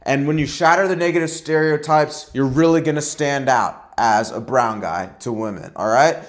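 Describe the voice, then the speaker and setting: A man's voice: mid-range voice, moderate pace. A young man coaching viewers on dating in a blunt, emphatic way, often tagging his points with "right?". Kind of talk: direct-to-camera advice vlog.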